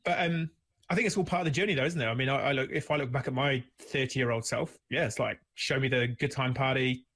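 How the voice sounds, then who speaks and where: A man's voice: medium pitch, quick pace, fairly bright tone, a little hiss or hum. Man hosting a rambling casual chat. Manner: rambling, with many restarts and fillers. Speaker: podcast host. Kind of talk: casual conversational interview.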